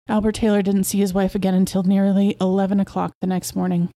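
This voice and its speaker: A woman podcast host narrating a short story in a steady, measured way. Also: mid-range voice.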